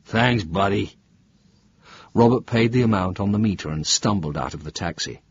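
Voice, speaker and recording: Man, audiobook narration, husky, lively pitch, dry, dull recording. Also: quick pace, no room sound. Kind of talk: scripted narration.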